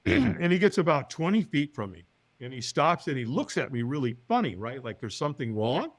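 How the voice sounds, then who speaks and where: A man telling a personal story as a podcast guest, acting out the other people's lines in higher voices and often checking in with "right?". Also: normal speed, no echo. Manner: acts out quoted voices, often with a higher pitch; lively, talks to the listener with "right?".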